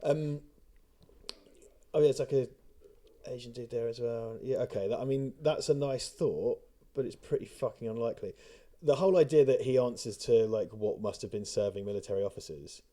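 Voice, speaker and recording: A man's voice: mid-range voice, normal speed, dark tone. A man co-hosting a film commentary, talking casually and sarcastically, swearing often and slipping into mocking voices.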